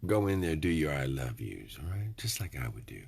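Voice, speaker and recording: A man's voice: low-pitched, very animated, fairly quick, gravelly, darkish tone, husky. A middle-aged man, rambling in a folksy, preachy vlog monologue with joking asides. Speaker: vlogger.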